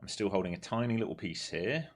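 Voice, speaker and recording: Guy with a deep low voice doing live trading commentary at his desk, rattles along fast, gets hyped and swears when a trade hits. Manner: rapid running commentary with excited, swearing outbursts. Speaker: day trader streaming live. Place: home trading desk with several monitors.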